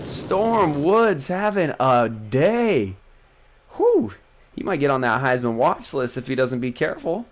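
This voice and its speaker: A man casually commentating on a football video game he is playing, joking and yelling at big plays. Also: on the high side, takes it slowly. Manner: excitable, jokey, yells at big plays. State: losing his voice. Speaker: gaming channel host.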